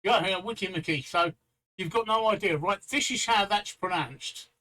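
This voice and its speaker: A man's voice: high-pitched, moderate pace, sharp tone, rough recording. A man hosting a casual live-stream chat, chatty and teasing, often repeating himself. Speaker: stream host.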